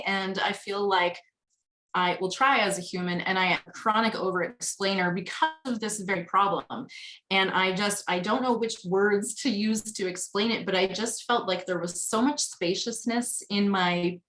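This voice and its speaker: A woman's voice: medium pitch, a bit bright, poor audio. A woman guest on a video call, talking candidly and at length, with casual swearing. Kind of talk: candid conversational sharing.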